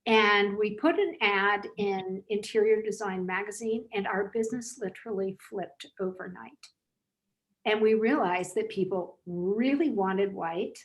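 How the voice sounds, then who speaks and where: An older woman recounts her early days in business with lively energy and an easy laugh. She speaks over a video call. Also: mid-range voice, measured pace, poor audio. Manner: lively, laughs while telling anecdotes. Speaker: author and business founder, guest. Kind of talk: storytelling interview answers.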